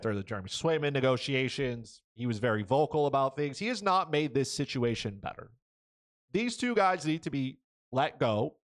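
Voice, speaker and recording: Male podcast host, mid-pitch, blunt and opinionated sports talk, keeps checking in with "right?". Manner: blunt, frequent "right?" and "okay?" tags.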